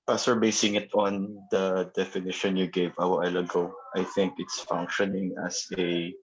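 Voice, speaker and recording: A man's voice: low-pitched, flat delivery, moderate pace, lo-fi sound. A man answering a teacher's question politely and hesitantly in an online class. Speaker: student. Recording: noisy call audio.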